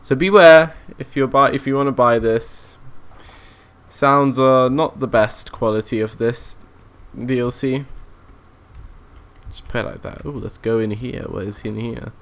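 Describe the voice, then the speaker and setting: A man's voice: mid-range voice, fairly even intonation, measured pace, fairly bright tone. A young man giving casual, rambling commentary while playing a train simulator, thinking aloud and often restarting his sentences. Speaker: let's play gamer.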